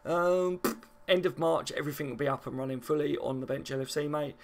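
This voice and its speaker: A man's voice: on the high side, fairly quick, creaky. A man from the south of England, chatting casually on a football live stream and answering viewer comments, rambling and full of fillers.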